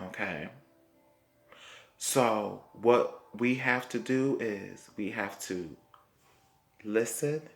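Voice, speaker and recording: Man, tarot reading, gravelly, unhurried, repeats points, keeps asking okay. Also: lowish voice. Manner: slow, repetitive, reassuring, punctuated by "okay?". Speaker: tarot reader.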